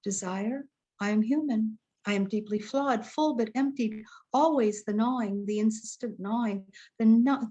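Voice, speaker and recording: A woman reciting her own spoken word poetry in a slow, meditative, hushed manner. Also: medium pitch. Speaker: poet.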